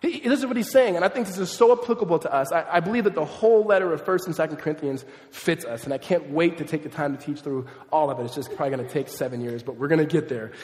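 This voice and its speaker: Male pastor, fairly high voice, chatty animated sermon, reverberant church hall. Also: fast, few pauses. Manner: conversational, animated, self-deprecating asides. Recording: echoey hall, long reverb.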